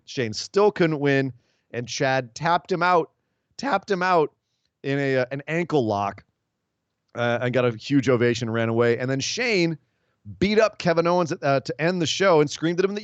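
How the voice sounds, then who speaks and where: A man's voice: medium pitch, smooth, no room sound, highs cut off. A man hosting a casual podcast, recapping and picking apart wrestling storylines in long opinionated stretches. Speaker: podcast host.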